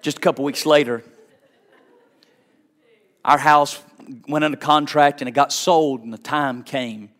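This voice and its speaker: A middle-aged man, a pastor preaching a sermon with personal stories, fervent and swinging from hushed tones to shouts. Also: fairly high pitch, steady tone, unhurried, pauses often. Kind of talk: sermon with storytelling.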